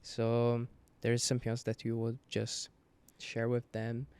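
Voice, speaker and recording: Mellow, flat-toned man hosting a chat. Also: medium pitch, a little slow, smooth, no echo. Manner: hesitant, many restarts while asking. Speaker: podcast host, church member. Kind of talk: casual podcast chat.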